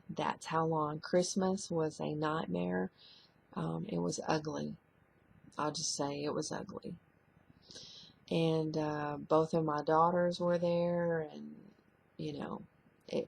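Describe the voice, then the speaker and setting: Slow, gravelly middle-aged woman, halting. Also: deep voice. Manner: halting, soft-spoken, trailing off. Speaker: person sharing a personal testimony. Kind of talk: personal testimony to camera.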